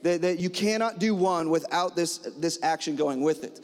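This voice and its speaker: High-voiced man preaching in a reverberant hall. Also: normal speed. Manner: animated storytelling, acts out dialogue, fillers. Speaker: pastor. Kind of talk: sermon with a personal story.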